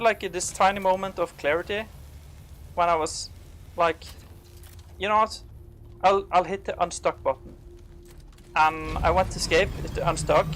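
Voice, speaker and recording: Out of breath and in a panic, a game streamer narrates his play live, rambling with lots of fillers and swearing when he gets startled. His voice is a bit high and a bit bright. There's slight hiss or hum in the recording.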